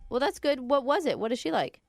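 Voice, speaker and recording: A woman co-hosts morning radio and teases the caller in a quick, playful way. Her voice sits somewhat high and sounds dry and close. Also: expressive, vocal fry, dry recording, soft background music. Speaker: radio co-host. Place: radio studio.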